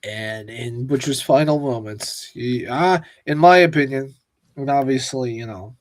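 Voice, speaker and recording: A man's voice: mid-range voice, measured pace, no echo. A man co-hosting a casual pop-culture podcast, ranting with lots of swearing. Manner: profane and ranting. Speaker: podcast co-host. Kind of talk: casual chat.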